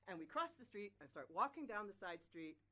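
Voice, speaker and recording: A young woman telling a personal story in a lively, self-mocking way, with casual swearing. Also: mid-range voice, fairly quick.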